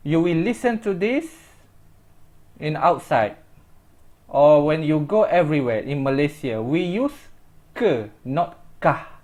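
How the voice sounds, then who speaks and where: Slow, deliberate teacher with a lively pitch. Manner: slow, deliberate explanations with repeated example phrases; simple English with small grammar slips. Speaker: language teacher. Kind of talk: recorded language lesson.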